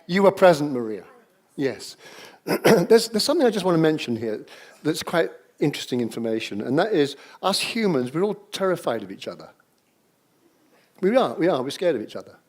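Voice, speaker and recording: Energetic male workshop leader. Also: fairly high pitch, fairly quick. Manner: energetic, coaxing, calls out to the audience. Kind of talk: leading an improvisation exercise. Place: seminar room with a live audience.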